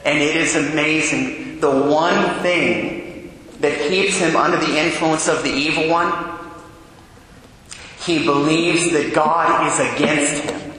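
A Catholic priest, a man with a bright, fairly high voice, preaches a homily in earnest. He keeps asking his listeners direct questions. The sound rings around a large church with a long, echoing tail. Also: fairly even intonation, slow pace, slight background noise. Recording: very echoey church with long reverb.

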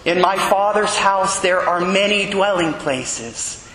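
A man preaching slowly and earnestly, telling stories with quoted dialogue. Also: sits high, over a noisy crowd. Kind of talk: sermon storytelling. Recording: echoey hall with faint ambience.

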